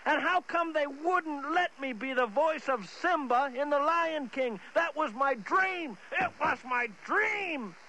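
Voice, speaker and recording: A man's voice: very high-pitched, expressive, slow pace, few pauses, pushed and bright, slight background noise, pitched above the performer's own voice, heavily acted, poor audio. A man voicing an unhinged, boastful male movie star who rambles, stammers and keeps restarting his sentences. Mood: frustrated. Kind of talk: comedy sketch impression.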